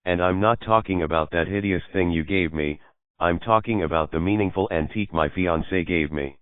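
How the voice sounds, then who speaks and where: A man voicing a flustered, sharp-tongued young bride who snaps indignant questions. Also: low voice, brisk, clear, resonant tone, no echo, natural voice. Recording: dry, phone-like lo-fi audio.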